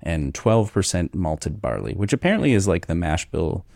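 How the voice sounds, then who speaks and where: A man hosting a podcast, talking in a relaxed, rambling way with many fillers. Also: sits low, normal speed, gravelly, dry recording, studio quality. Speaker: podcast host. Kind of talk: casual chat.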